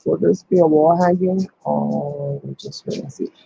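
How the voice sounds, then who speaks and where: A man hosting a casual crafting tutorial, talking his steps through out loud with plenty of ums. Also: on the high side, fairly even intonation, unhurried, gravelly, slightly rough, highs cut off. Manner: chatty, thinks aloud with many ums. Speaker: crafting channel host.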